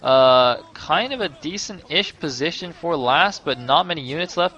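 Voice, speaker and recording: With a fairly high voice at normal speed and few pauses, a man casts a game in relaxed play-by-play, captured in lo-fi sound. He chats freely, corrects himself a lot, and gets loud and thrilled at tense moments.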